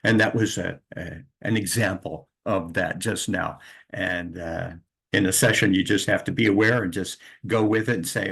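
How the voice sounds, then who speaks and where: A man who works as a hypnotherapist, calmly and reflectively telling the story of a client's session. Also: low-pitched, moderate pace, vocal fry, slightly rough. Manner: calm and reflective, with soft laughs and light restarts.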